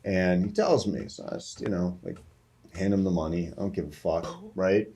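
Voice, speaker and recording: A man co-hosting a podcast, telling a profane, animated anecdote in casual chat. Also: low-pitched, moderate pace, slight background noise. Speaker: podcast co-host.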